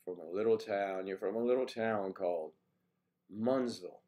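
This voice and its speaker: A man with a lowish, dark-toned voice talks fairly quickly as he hosts a laid-back morning livestream. He calls out viewers' names, reads their comments, and answers with light jokes.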